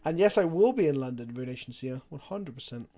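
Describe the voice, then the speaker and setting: A man's voice: medium pitch, animated, brisk, mellow, soft background music. A young man chatting casually on a live stream, talking through his card game plays and answering viewer questions.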